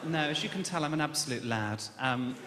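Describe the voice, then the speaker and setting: A man from Birmingham doing a stand-up comedy set, camp and self-mocking with a quick delivery. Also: on the high side, lively intonation. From Birmingham, England. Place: large echoing live comedy venue. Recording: echoey hall with loud noise.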